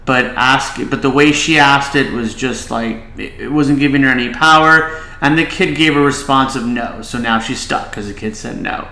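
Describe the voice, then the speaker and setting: A man's voice: mid-range voice, normal speed, hardly any pauses, bright, forceful tone, roomy sound, rough recording. A man, a child behavior specialist, giving casual reaction commentary and advice, with many filler "likes".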